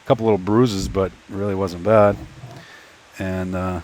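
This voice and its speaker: Man, lowish voice, rambling workbench chat, stop-start, mutters to himself while assembling parts. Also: flat delivery, unhurried, darkish tone, slight background noise. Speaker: 3D printing YouTuber. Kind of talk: casual workbench storytelling. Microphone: phone.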